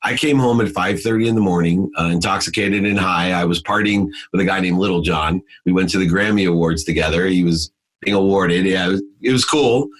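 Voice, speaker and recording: Husky low-voiced man telling his story. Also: brisk. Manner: earnest, many "uh" fillers, rises sharply when retelling arguments. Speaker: podcast guest. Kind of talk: personal storytelling in an interview.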